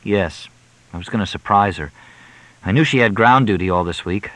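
A man voicing a grieving young government clerk who answers in short, flat, weary replies. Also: lowish voice, moderate pace, no room sound, lightly acted, low-quality recording.

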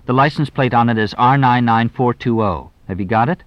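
A man voicing a quick-witted, evasive young man who answers briskly and glibly. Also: mid-range voice, no room sound, highs cut off, pitched above the performer's own voice, lightly acted. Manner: brisk, glib, deflecting.

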